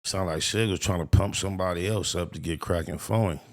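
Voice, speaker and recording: A man's voice: deep voice, steady tone, brisk. A man giving casual, profane reaction commentary, often swearing on his mama. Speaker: reaction host.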